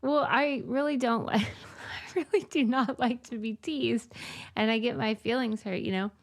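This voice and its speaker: Gravelly-voiced woman podcast host. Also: a little high, normal speed. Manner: candid, reflective, swears casually. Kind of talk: casual chat.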